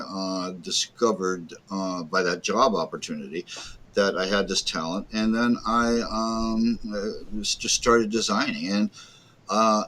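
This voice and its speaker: An older American man with a lowish voice tells his story at an easy, unhurried pace. He pauses often to find his words. He comes through a video-call microphone. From United States. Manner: unhurried, pausing often to gather thoughts. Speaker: guest, board game designer. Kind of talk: reflective storytelling in an interview.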